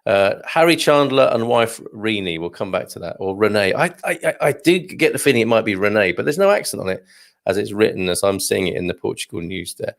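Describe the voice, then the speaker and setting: Middle-aged male host, gravelly edge, jokey live-stream banter and dad jokes. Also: fairly low pitch, very animated, fairly quick. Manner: chatty and jokey, tells corny dad jokes, chuckles often. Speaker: live show host reading viewer comments. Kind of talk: casual live-stream chat.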